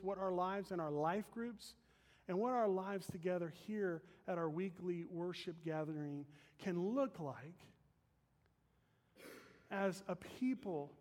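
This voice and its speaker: In a large church sanctuary whose long reverb fills the recording, a pastor delivers a sermon. His male voice is high yet darkish in tone, and he preaches earnestly and emphatically, with asides to the congregation.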